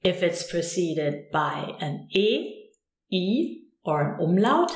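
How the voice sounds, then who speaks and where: A woman teaches a recorded lesson at a slow, unhurried pace. She explains patiently, stopping to say each example word and then repeat it. Her slightly low voice rings in a roomy, echoey space. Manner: calm, patient explanation that stops often to say example words slowly and repeat them. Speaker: language teacher.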